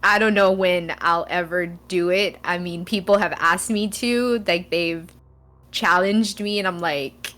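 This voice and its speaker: Laughing, animated woman telling a story. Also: lowish voice, measured pace. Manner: animated storyteller, laughs often, acts out quotes. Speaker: podcast guest, game streamer. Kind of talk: casual interview storytelling.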